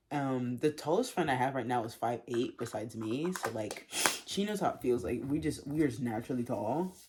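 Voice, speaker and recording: A young woman vlogger telling a storytime in a chatty, animated way, full of fillers and laughs. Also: very deep voice, a little hiss or hum. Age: young adult. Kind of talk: storytime vlog.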